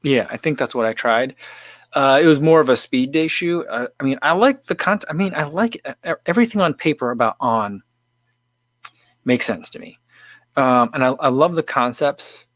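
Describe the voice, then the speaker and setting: A man's voice: mid-range voice, moderate pace, a bit bright, no room sound. A man hosting a casual livestream, chatting in an easygoing, rambling way with lots of fillers and restarts while reading viewer comments. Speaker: livestream host.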